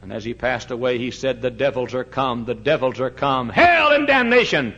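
A man, a pastor, preaching a fiery sermon in a church, shouting one moment and dropping to a hush the next. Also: medium pitch, little pitch movement, brisk. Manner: fiery preaching, swings from shouts to hushed tones. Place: church sanctuary. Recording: dull lo-fi recording.

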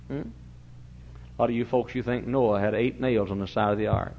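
An older man preaching a sermon in a church, telling stories and swinging from booming shouts to low, quiet asides. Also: expressive, fairly quick. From Texas. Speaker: pastor. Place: church sanctuary. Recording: dull lo-fi recording.

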